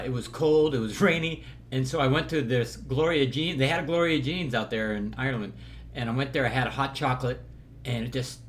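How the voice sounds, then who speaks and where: A man chats through a movie review in a loose, rambling way. He trips over his words, restarts, and cracks jokes as he goes, with a faint hum of room noise behind him. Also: mid-range voice. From Southern California. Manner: rambling, stumbling, jokey, slips into impressions. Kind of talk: casual vlog review. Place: hotel room.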